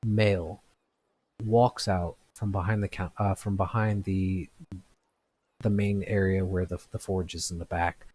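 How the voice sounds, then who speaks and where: Low husky guy narrating his tabletop game, describing everything step by step. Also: little pitch movement, darkish tone. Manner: descriptive, halting scene-setting. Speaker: game master.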